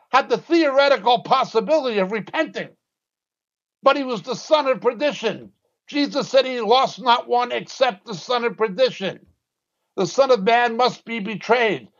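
A man preaching a sermon as a Bible teacher, emphatic and insistent, his pitch dropping sharply when he drives a point home. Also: lo-fi sound.

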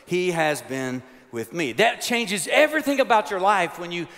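A man's voice: high voice, big pitch swings, moderate pace, a bit bright. A man, preaching a chapel sermon with folksy, humorous storytelling. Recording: long hall reverb.

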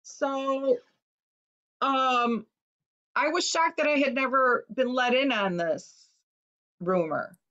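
A woman from Chicago, an author giving a talk, recounting a personal story in an earnest, emotional way with hesitant pauses. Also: sits high, fairly bright tone, highs cut off. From Chicago, USA.

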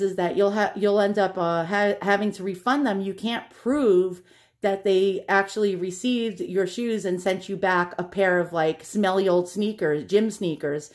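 A middle-aged woman talks casually to her viewers in an everyday, mid-pitched voice. She rambles on with lots of fillers and restarts, breaking into little laughs as she goes. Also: a little mellow. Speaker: vlogger. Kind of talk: casual chat to camera.

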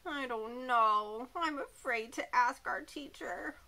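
A woman's voice: a little high, slow pace, sharp tone, a little hiss or hum, heavily acted. A woman voicing a shy young girl who is scared to ask her teacher for help in a children's lesson. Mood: worried. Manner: timid and worried, then politely asking.

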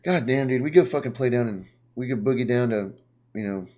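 A man chatting casually on a podcast, rambling with lots of fillers and swearing, often trailing off quietly. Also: medium pitch, brisk. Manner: rambling, profane, trailing off into mumbles. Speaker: podcast co-host, punk singer. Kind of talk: casual chat.

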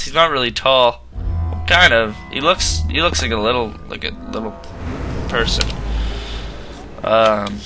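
A man's voice: mid-range voice, measured pace, long pauses, pushed and bright. A man hosting a gaming channel, giving casual commentary on a horror game in a rambling way and getting easily startled. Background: game music.

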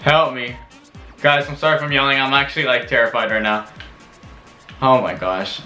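A man giving casual gaming commentary, excitable and rambling, yelping and shouting when scared, recorded in a room at home. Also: medium pitch, normal speed, echoey room, faint music behind. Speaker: gaming vlogger.

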